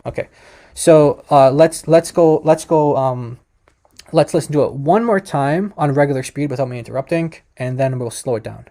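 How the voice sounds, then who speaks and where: Man, mellow slightly high voice, casual teacher, informal, talks to viewers, restarts sentences. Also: moderate pace, faint music behind. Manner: chatty and informal, addresses "you guys", frequent restarts. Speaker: language teacher.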